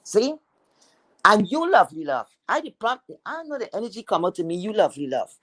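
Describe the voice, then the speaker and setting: Woman streamer, mid-pitched, cursing and scolding her viewers, close and dry sound. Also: sing-song, brisk, fairly bright tone, dry recording, low-quality recording. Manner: blunt, profane, scolding. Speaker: livestream commentator. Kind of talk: heated commentary rant.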